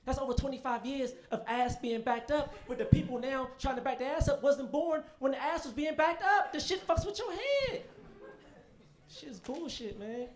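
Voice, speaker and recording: A young man performing a stand-up comedy set, telling profane, animated stories with quick asides to the audience. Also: very high-pitched. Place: comedy stage in front of a live audience.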